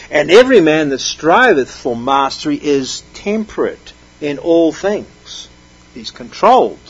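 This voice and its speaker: Husky-voiced man preaching emphatically. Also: on the high side, dull audio. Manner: emphatic, reading scripture aloud and explaining it. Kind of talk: sermon.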